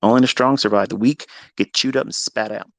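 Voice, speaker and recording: A man giving a blunt, profane trading lecture, hammering points with repetition and swinging between loud bursts and low asides. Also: fairly even intonation, brisk, creaky, dry recording. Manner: blunt, heavy swearing, emphatic repetition. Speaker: trading educator.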